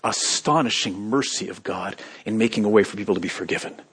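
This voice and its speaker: A man preaching a sermon, moving between hushed, quiet passages and loud, emphatic calls to the congregation. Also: on the low side, a little fast, husky. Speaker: pastor.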